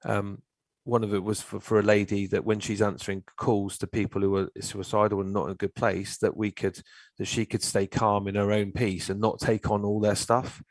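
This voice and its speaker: A middle-aged man telling stories in casual chat, animated and swearing freely. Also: fairly low pitch, moderate pace, dry recording. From England. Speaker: guest, therapist.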